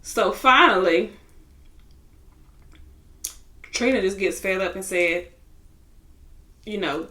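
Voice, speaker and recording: A young woman in a casual vlog, retelling a reality show episode with lively, slangy asides. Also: mid-range voice, slow, long pauses. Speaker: TV show reviewer.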